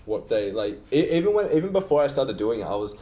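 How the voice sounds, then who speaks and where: A man's voice: medium pitch, sing-song, fast talker, warm tone. A man guest on a podcast, a music producer, talking in a laid-back, joking way with lots of fillers. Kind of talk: casual chat.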